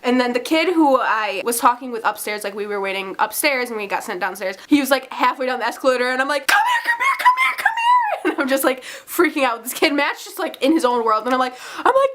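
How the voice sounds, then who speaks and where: A young woman telling a story in a casual vlog, rambling and excitable, full of fillers, her voice jumping up when she acts out her own reactions. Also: on the high side, fast talker, hardly any pauses, noisy background. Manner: excitable, many "like"s, swearing, squeals when acting out her reactions. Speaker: vlogger.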